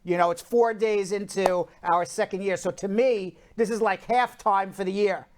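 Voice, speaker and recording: A middle-aged man hosting a live-stream talk show, energetic as he reads out viewer comments. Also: sits high, moderate pace. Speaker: host.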